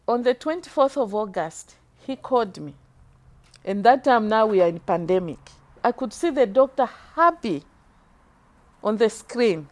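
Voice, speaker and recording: A middle-aged woman giving an earnest, emotional faith testimony in an interview, speaking slowly from the heart. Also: on the high side, lively intonation. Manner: earnest, slow and heartfelt, moved to tears at times. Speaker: church member giving a testimony.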